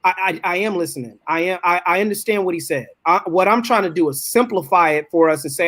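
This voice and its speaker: A man's voice: sits high, quick pace, few pauses, a bit bright. A man co-hosting a talk show, cutting in with hold on and lecturing his view with many repeats. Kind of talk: heated casual debate.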